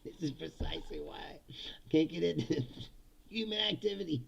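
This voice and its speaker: Gravelly, laughing man ranting. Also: on the high side, expressive, normal speed, dull audio. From United States. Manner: laughs often, swears, acts out voices of others. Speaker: host. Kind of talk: casual comedic political rant.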